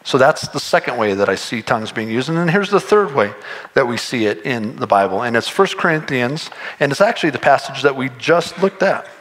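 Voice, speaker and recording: With a brisk delivery and medium-pitched voice, this man preaches as a pastor, keeping things lively and conversational while performing imagined voices.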